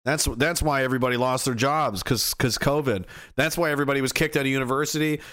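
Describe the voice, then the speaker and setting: A man's voice: mid-range voice, steady tone, fast talker, fairly bright tone. A man hosting a commentary show, delivering an angry political rant that is profane, sarcastic and mocking.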